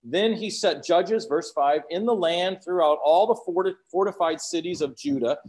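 A man preaching a sermon, chatty in his asides and booming as he quotes scripture. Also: normal speed, darkish tone.

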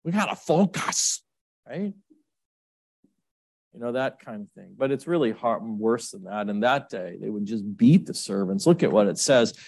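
A middle-aged male pastor preaching a sermon in an emotional, rambling way, with frequent restarts and sudden jumps up and down in pitch. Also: expressive, normal speed, vocal fry, a little mellow, no room sound, clean studio sound.

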